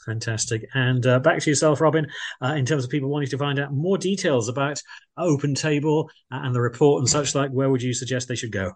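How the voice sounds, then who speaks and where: A man's voice: medium pitch, quick pace. A man hosting a radio interview, effusive and full of fillers. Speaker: radio host.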